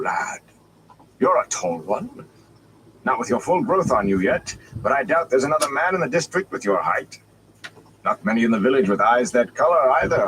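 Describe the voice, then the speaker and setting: A man voicing a grand, scornful old traveling bard with a theatrical, dry and mocking manner, over steady background noise. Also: mid-range voice, pitched above the performer's own voice, natural voice.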